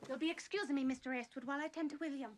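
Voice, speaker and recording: A woman's voice: high voice, very fast, slight background noise, lightly acted. An actress playing a stern frontier farm mother. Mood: guarded.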